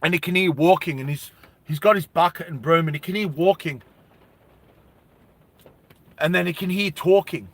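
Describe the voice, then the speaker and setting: A man telling a story casually, loud and rambling. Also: on the high side, moderate pace, pauses often. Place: indoors with rain and industrial noise.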